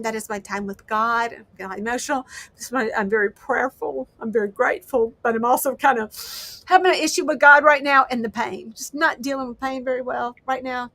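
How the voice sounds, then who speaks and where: A woman's voice: a little high, sharp tone, no room sound. A woman hosting a casual crafting livestream, chatting in a rambling, self-deprecating way. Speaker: livestream host.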